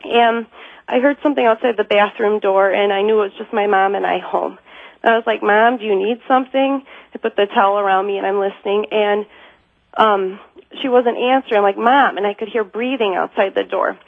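A woman's voice: mid-range voice, steady tone, fairly quick, creaky, no room sound. A woman caller on a phone-in show, telling a personal story in a rambling way, full of fillers and nervous laughs. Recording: tinny phone line.

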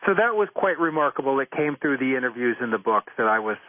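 A man being interviewed about his book, telling stories in a gentle, reflective way. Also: mid-range voice, lively intonation, fast talker, dry recording. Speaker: author and interviewee. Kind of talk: interview storytelling. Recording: tinny phone line, dry.

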